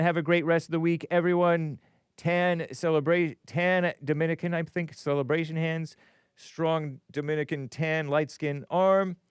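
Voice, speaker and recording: Male call-in host, middle pitch, smooth and clear, rambling and jokey, dry close sound. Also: dry recording. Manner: rambling, jokey, laughs at his own asides. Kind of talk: casual live-stream chat, reading viewer messages.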